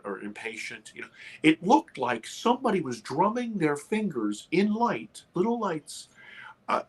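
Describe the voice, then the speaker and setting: Animated man telling a tale. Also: slightly rough. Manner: animated, re-enacts his panic with high excited quotes. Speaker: guest filmmaker. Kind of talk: live podcast interview storytelling.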